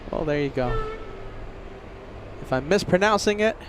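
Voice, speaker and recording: A man's voice: high voice, animated, normal speed, noisy background. A man hosting a casual live stream outdoors, chatting and reading out viewer names and messages. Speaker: livestream host. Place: outdoors near an airport.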